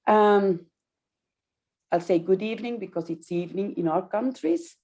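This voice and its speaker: A woman interviewing, asking gentle questions in a slow, measured way with fillers. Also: medium pitch. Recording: dull lo-fi sound.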